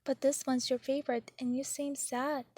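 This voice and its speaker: A woman voicing a small, gentle, timid young boy as she reads a storybook aloud. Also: high voice, little pitch movement, normal speed, no echo. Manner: soft, small-voiced. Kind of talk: storybook reading.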